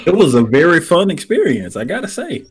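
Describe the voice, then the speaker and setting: A man co-hosting a podcast, relaxed and agreeable, laughing along with his partner. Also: a little high, fairly quick, breathy edge. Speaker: podcast co-host. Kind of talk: casual chat.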